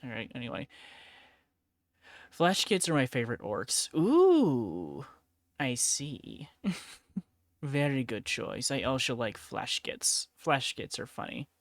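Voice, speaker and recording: A woman's voice: extremely low pitch, very animated, slow pace, pauses often, no room sound, clean studio sound. A woman streaming in casual chat while painting miniatures, laid-back, laughing often and swearing freely. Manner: laid-back, giggly and profane.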